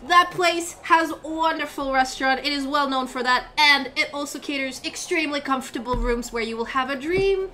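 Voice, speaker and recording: A woman's voice: very high voice, a little slow, bright, forceful tone, slight background noise, voice pushed up, full character voice. A woman voicing a fourteen-year-old half-elf boy who works as a town crier, announcing in a pompous way with sighing asides.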